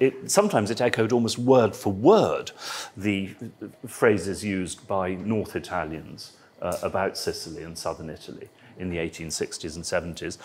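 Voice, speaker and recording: A man speaking at an academic roundtable, halting and digressive, with dry asides. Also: low voice, breathy edge. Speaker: roundtable panelist. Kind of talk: academic panel discussion. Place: symposium panel.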